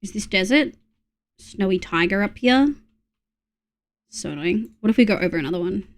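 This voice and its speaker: Animated and medium in pitch, this young Australian woman talks at a normal speed during her gaming stream. She keeps up casual chat with viewers, mutters to herself, and lets out a swear when things annoy her.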